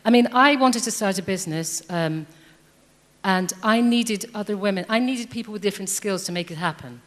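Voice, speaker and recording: Speaking at a moderate pace in a medium-pitched voice, a woman in her 50s addresses a debate from the audience. She's earnest and hesitant, with many ums, and the large hall adds long reverb.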